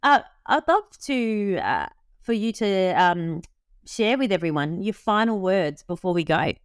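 A woman's voice: mid-range voice, big pitch swings, measured pace, smooth, no echo, clean studio sound. A woman hosting a casual interview, upbeat and encouraging, with frequent ums and likes. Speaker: host.

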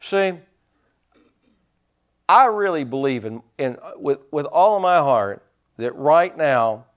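A man preaching a sermon in a folksy, rambling storytelling way, rising into loud bursts. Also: a little high, lively intonation, slow.

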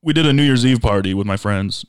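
A young man co-hosting a podcast, chatting in a laid-back, slangy way with lots of drawn-out fillers. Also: mid-range voice, smooth. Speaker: podcast co-host. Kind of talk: casual chat.

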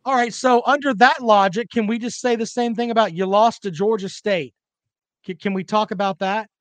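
A man's voice: high-pitched, normal speed, a bit bright, dry recording. A man co-hosting a casual sports talk livestream, reading viewer comments and firing back with sarcastic, profane jabs.

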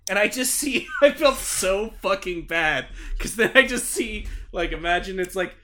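A young man co-hosting a podcast, telling a story in an animated, swearing rant and laughing as he goes. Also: sits high, normal speed. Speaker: podcast co-host. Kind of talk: casual chat, storytelling rant.

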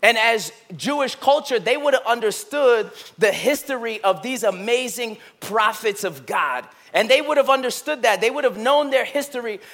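A male pastor preaching a sermon, moving between loud emphatic bursts and hushed, slow, intimate passages. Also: very high-pitched, animated. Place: church sanctuary.

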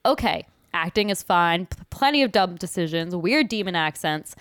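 Blunt sarcastic woman podcaster, smooth voice. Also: lowish voice, expressive, normal speed, fairly bright tone, no echo, studio quality. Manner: blunt, sarcastic movie reviewing, laughs often. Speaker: podcast co-host. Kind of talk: casual chat.

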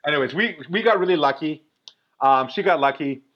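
A man in his forties telling a story in a casual, animated way, full of "like" fillers. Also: fairly high pitch, a little fast. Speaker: guest. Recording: dull lo-fi recording.

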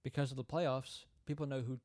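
A man's voice: medium pitch, level tone, brisk, darkish tone, no room sound. A man co-hosting a casual sports chat, laid-back and prone to trailing off. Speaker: podcast co-host.

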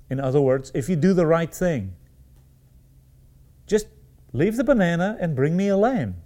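A man preaching a sermon, with repeated words and restarted phrases, and sudden rises in pitch. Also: animated, moderate pace, long pauses, dark tone.

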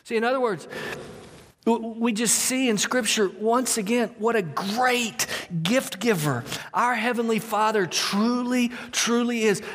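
High-voiced man preaching in a reverberant hall. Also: a little slow. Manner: animated, repeats words, talks directly to congregation. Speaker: pastor. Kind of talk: sermon.

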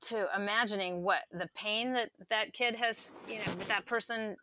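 A woman's voice: medium pitch, fairly even intonation, moderate pace, sharp tone, a little hiss or hum, low-quality recording. A woman speaking as a podcast guest, heartfelt and hesitant, searching for her words. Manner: heartfelt, hesitant, with many fillers. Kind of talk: casual conversational interview.

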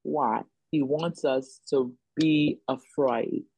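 A woman's voice: very deep voice, slow, warm tone, husky, poor audio. A woman preaching a sermon on faith and healing, repeating phrases for emphasis in a call-and-response rhythm.

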